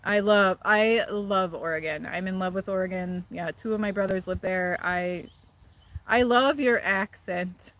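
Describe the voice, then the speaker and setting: A woman's voice: mid-range voice, a bit bright. A woman from the Midwest with a Midwestern accent, chatting casually on a livestream, answering viewer comments and laughing often. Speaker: livestream host. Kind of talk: casual live chat with viewers.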